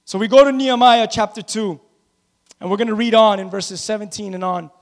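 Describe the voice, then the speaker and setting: A man with a strikingly high voice delivers a sermon as pastor of his church. He preaches emphatically, repeating his key phrases to build momentum, then drops into casual, conversational asides to the congregation. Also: fairly even intonation, fairly quick.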